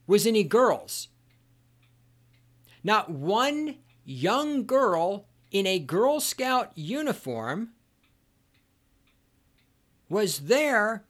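A man's voice: high voice, a bit bright. Profane, ranting middle-aged man. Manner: ranting, profane, sarcastic storytelling. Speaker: podcast host. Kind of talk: solo podcast monologue.

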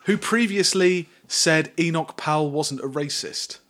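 A man's voice: on the high side, a little slow, a bit bright. A man co-hosting a political podcast in casual chat, rambling with fillers and restarts and the odd swear. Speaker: podcast co-host.

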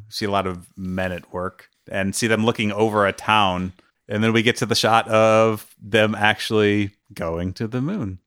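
A man with a low voice co-hosts a casual film discussion, walking through scenes and chuckling as he goes. The sound is dry and close, with no room around it. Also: a bit bright, smooth, dry recording. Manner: chuckles often while recapping scenes. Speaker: podcast co-host.

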